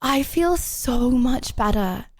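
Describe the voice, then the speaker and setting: High-voiced chatty woman streamer. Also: lively intonation, takes it slowly, a little mellow. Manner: chatty and giggly, many fillers. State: recovering from illness. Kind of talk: casual live-stream chat.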